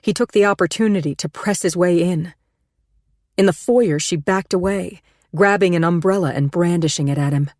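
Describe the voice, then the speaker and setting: In a slightly low, steady voice, a woman reads scripted audiobook narration at a measured storytelling pace. The sound is close and dry, free of room sound and echo.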